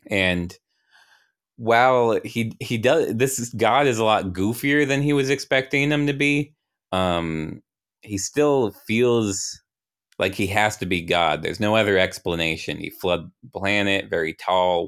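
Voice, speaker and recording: A man narrating an improvised role-play game, halting and restarting as he goes. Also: fairly low pitch, fairly bright tone, smooth.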